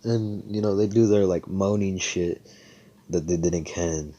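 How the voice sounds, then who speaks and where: Deep-voiced young man telling a fan story. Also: a little slow, lo-fi sound, noisy background. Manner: rambling and profane, with frequent restarts; talks through each figure's lines in his own voice. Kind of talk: casual spoken fan-fiction narration.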